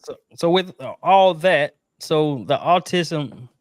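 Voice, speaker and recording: A man's voice: on the high side, slow, dry recording, clean studio sound. A man hosting a podcast interview, asking questions with hesitant restarts. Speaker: podcast host.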